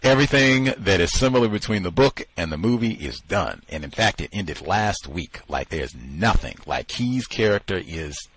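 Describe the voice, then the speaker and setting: A man's voice: deep voice, animated, normal speed, few pauses, a bit bright, breathy edge. A man hosting a book discussion, talking emphatically and repeating phrases for effect. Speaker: host.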